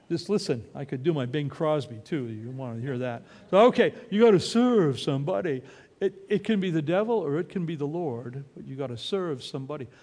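Male pastor, high lively voice, church reverb, emphatic and jokey. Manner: animated, joking asides, emphatic repetition. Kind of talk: sermon.

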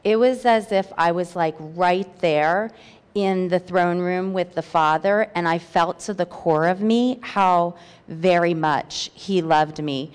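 A woman's voice: lowish voice, clear, resonant tone, long reverb tail. A woman reading her personal testimony aloud at a church meeting, earnest and heartfelt, with hesitant fillers. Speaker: church member sharing a testimony.

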